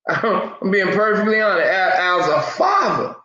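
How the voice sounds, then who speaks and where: A man's voice: high-pitched, slow pace, sharp tone. A man giving impassioned commentary as an online news host, speaking emphatically and often restarting his sentences. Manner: repetitive, emphatic, stammering restarts. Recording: roomy, dull lo-fi sound.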